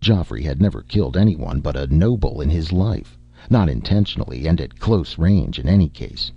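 A man narrates a story in a very low, gravelly voice with a husky, dark tone. His delivery ranges widely in pitch, giving the prose movement. The recording is dry and somewhat dull. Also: lively intonation, moderate pace, no echo. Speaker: audiobook narrator. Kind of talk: scripted narration.

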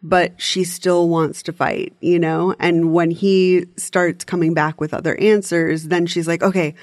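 Female podcast co-host, low-pitched and chatty, recaps true-crime events; dry close mic. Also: little pitch movement, unhurried, a little mellow, no room sound. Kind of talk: casual true-crime discussion.

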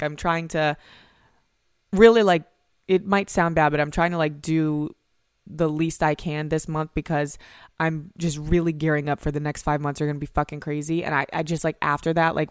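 A woman's voice: sits low, smooth, no room sound, studio quality. A young woman hosting a podcast from home, rambling in a casual, profane confessional monologue full of "like" and "um.". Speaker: podcast host.

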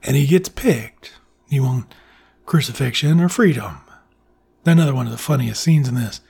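A man's voice: mid-range voice, animated, normal speed, vocal fry, a little mellow, husky. A man casually retelling a comedy film's plot in a loose, chatty way, swearing now and then. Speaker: film reviewer. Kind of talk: casual film recap.

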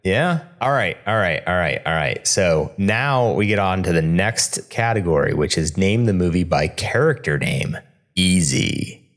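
Brief: deep-ish male podcast co-host, casual trivia banter, expressive ups and downs. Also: a little slow. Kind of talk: casual chat, movie trivia game.

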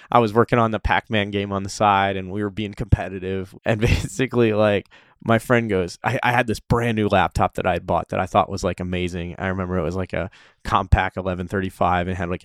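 Lowish-voiced guy chatting and telling stories, laughs a lot, dry close sound. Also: smooth, no room sound. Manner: storytelling, animated, laughs often. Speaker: interview guest. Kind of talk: casual conversation.

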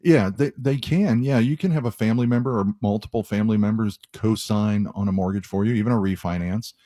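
A man hosting a home loan radio show, explaining mortgage fees in a relaxed conversational way with frequent restarts. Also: fairly low pitch, brisk, no room sound, clean studio sound. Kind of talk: radio call-in advice talk.

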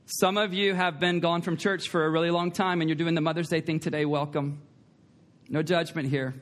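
A man preaching a sermon in a church, emphatic, repeating key lines and putting questions to the congregation. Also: a little high. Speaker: pastor. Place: church sanctuary.

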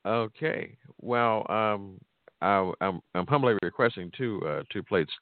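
A man's voice: fairly low pitch, a little slow, no echo. A middle-aged man, hosting a call-in radio show with boastful, joking trash talk and frequent laughter. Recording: tinny phone-like audio.

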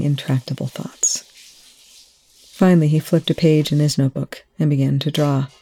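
An audiobook reader narrating a story in a measured, even way. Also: mid-range voice. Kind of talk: fan fiction audiobook narration.

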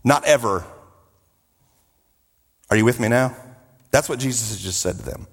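A man preaching a sermon, emphatic, with drawn-out repetitions and joking asides. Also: medium pitch, vocal fry, slightly rough, long reverb tail.

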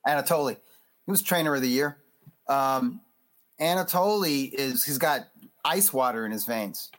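Animated man talking boxing as a guest. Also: mid-range voice, moderate pace. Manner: animated, loose, acts out quotes; frequent restarts and fillers. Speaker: boxing magazine editor, podcast guest. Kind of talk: casual interview chat.

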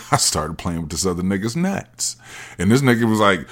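A man's voice: low-pitched, very animated, a little fast. A man hosting his own podcast, talking alone in a casual, profane and emphatic rant. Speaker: podcast host.

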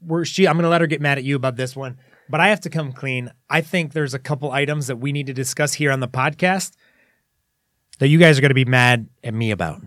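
A man co-hosting a podcast, talking in a halting way that keeps correcting itself. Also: mid-range voice, a bit bright, no echo, studio quality. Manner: hesitant, halting, self-correcting. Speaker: podcast co-host. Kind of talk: casual chat.

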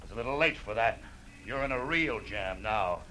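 Brief: sharp-toned scheming villain, old radio hiss. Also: male voice, on the low side, lively intonation, normal speed, poor audio. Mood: sneering, menacing. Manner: sneering, clipped. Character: smooth, scheming villainous man posing as a lord. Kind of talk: 1940s radio acting.

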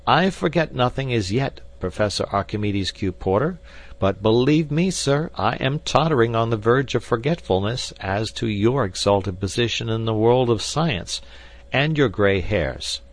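Man doing a fussy old scholar, high strained offended voice, all worked up. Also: lively intonation, moderate pace. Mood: indignant. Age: older. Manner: raised, strained and indignant. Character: indignant elderly male scholar, prim and fussy.

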